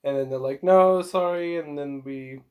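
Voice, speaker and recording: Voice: mid-range voice, moderate pace, a little mellow. A podcast co-host casually walking through the plot of a horror movie, now and then quoting the characters. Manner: plot-summarizing, laid-back, quotes characters in passing. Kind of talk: casual movie recap chat.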